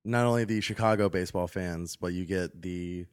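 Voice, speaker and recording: A man's voice: low voice, normal speed, clear, resonant tone. A man co-hosting a podcast, chatting in an easygoing, wry way. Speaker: podcast co-host. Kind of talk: casual chat.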